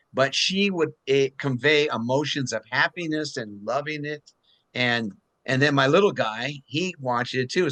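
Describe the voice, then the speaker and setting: A man's voice: medium pitch, sharp tone. A man hosting a talk show, chatting in an earnest, rambling way. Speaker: host. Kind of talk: casual talk show chat.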